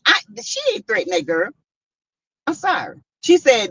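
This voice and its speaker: Animated woman commentator, lo-fi sound. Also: fairly high pitch, normal speed, slightly rough, no echo. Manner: animated, emphatic, repeats points. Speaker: host. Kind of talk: casual commentary reading live chat. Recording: dull lo-fi sound.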